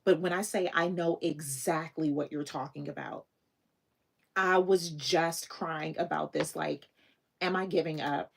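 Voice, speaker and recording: Breathy, emotional woman host live. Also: deep voice, steady tone, measured pace. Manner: emotional, gushing, encouraging. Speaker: livestream host. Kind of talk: casual livestream chat with viewers.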